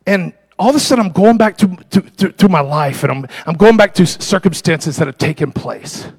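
Gravelly high-voiced man preaching. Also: expressive, fairly quick, no echo, poor audio. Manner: impassioned, storytelling, shifts from loud preaching to quiet confiding. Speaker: pastor. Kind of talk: sermon.

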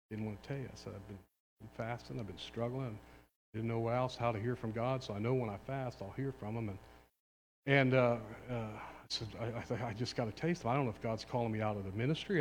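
A middle-aged man, a pastor, telling a personal story in a sermon, moving between quiet asides and loud exhortation. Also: mid-range voice, a little fast. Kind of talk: sermon testimony. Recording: long hall reverb, faint hum.

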